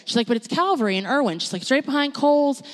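Young woman telling a lively church testimony. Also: high-pitched, quick pace. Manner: animated storytelling, acting out quoted dialogue. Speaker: church member giving testimony. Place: church sanctuary. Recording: long reverb of a church hall.

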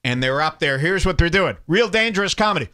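A man's voice: on the high side, animated, quick pace, pushed and bright, smooth. A man hosting a podcast, ranting sarcastically and hurling insults while commenting on clips. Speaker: podcast host.

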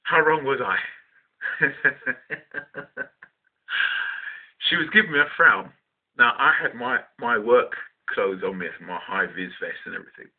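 A man's voice: medium pitch, a little fast, husky. A man from West London with a London accent, casually telling a personal story in blunt, profane language with many restarts. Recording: tinny phone-like sound.

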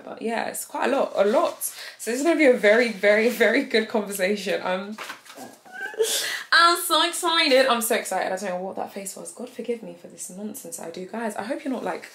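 A young woman, chatting excitedly on a phone camera at home as a vlogger, gushing and slangy. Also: on the low side. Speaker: vlogger and interviewer. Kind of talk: casual vlog chat. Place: at home, indoors. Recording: echoey room with background noise.

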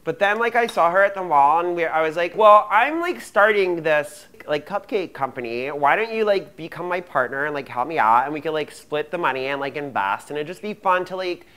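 A man's voice: fairly high pitch, animated, brisk, few pauses, sharp tone, clean tone. A man playing a bratty, dramatic teenage girl who bakes, in a gossipy valley-girl manner full of "like". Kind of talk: mockumentary comedy monologue.

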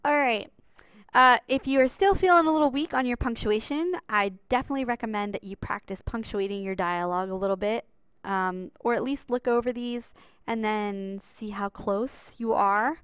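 A woman's voice: on the high side, moderate pace, a bit bright, smooth, no room sound. A woman teaching a recorded writing lesson over slides, in a chatty, upbeat way and talking straight to her students.

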